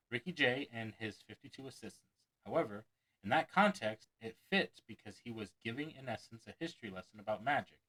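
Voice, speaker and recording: A man's voice: medium pitch, sharp tone, poor audio. A man and magician reading a magic book aloud, chuckling and breaking off to add his own asides between passages. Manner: acts out quoted lines with mock enthusiasm.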